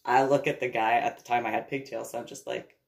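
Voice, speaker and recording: A woman casually telling a long personal story in a rambling, animated way, with laughs and restarts along the way. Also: very deep voice, quick pace, gravelly.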